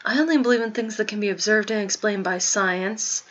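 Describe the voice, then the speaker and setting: A woman's voice: medium pitch, brisk, fairly bright tone, highs cut off, natural voice. A woman voicing a sardonic young man who only trusts science, blunt and grumbling as she reads a game aloud. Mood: skeptical.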